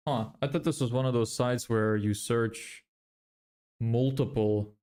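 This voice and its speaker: A man's voice: mid-range voice, fairly even intonation, a little slow, a little mellow. A man livestreaming his screen, muttering blunt critiques of websites in a casual, neutral-sounding accent. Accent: neutral, often heard as American. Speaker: business vlogger.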